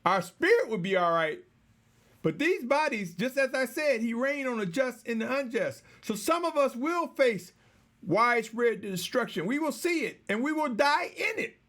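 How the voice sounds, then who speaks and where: A man delivering a slow, measured, exhorting sermon, repeatedly addressing his listeners as brothers and sisters. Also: very high voice, sing-song, a bit bright. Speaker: preacher.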